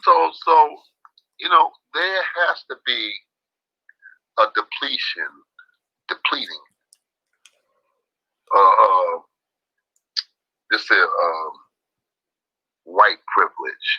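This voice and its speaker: A man's voice: on the low side, very slow, pauses often, no echo. A man talking as an interview guest, emphatic, repeating himself for stress. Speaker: boxing trainer, interview guest. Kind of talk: casual interview talk. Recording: dull lo-fi dry sound.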